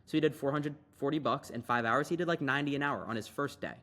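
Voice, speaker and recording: A man's voice: medium pitch, a bit bright. Hyped young man on a screen-share. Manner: hyped, fast, conversational with frequent fillers. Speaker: online business coach. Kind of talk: casual screen-share tutorial.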